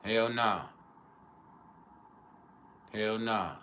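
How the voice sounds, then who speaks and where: Man on an astrology vlog: low, bright, forceful voice, crude humor, laughs a lot. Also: steady tone, extremely slow, slight background noise. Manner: profane, joking, laughs often; acts out quotes in other voices. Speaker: astrology teacher. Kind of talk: casual monologue on astrology.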